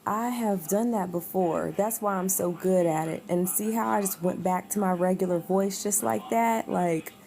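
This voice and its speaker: A woman's voice: mid-range voice, moderate pace, vocal fry, hardly any pauses, a little mellow. A woman chatting casually at home on a livestream, rambling and laughing often. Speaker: livestream host.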